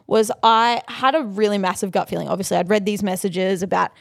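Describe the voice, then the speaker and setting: A woman's voice: medium pitch, steady tone, vocal fry, dry recording, studio quality. Australian woman telling a frank story. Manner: candid, storytelling, quick laughs. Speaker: podcast co-host. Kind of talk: casual chat.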